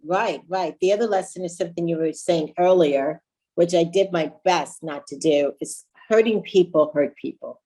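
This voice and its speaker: A woman with a very low voice co-hosts a relaxed podcast conversation. She thinks aloud, pauses, and reworks her sentences as she goes. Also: low-quality recording. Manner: thoughtful, halting, restarts mid-thought. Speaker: podcast co-host.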